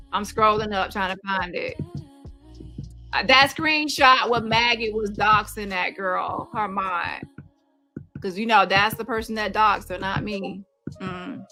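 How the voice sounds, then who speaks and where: A woman's voice: fairly high pitch, bright, forceful tone. A woman hosting a casual livestream, blunt and gossipy, talking straight to her viewers. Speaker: livestream host.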